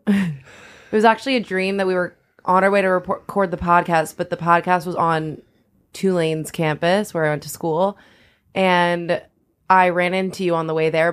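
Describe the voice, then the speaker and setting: A young adult woman on a podcast, telling a rambling story in casual chat. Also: on the low side. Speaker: podcast producer and co-host.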